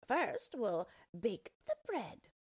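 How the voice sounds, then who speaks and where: A woman voicing a cruel, half-blind old witch who talks in a shrill, scolding way, in a storybook reading. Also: huge pitch swings, drawn-out words, breathy edge, no echo, exaggerated voice. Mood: impatient.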